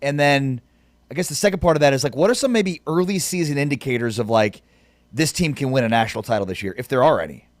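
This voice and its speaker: A man hosts a sports talk radio show, speaking in an eager, chatty way. His voice is mid-pitched and comes across close and dry on a studio mic. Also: lively intonation, fast talker, no room sound.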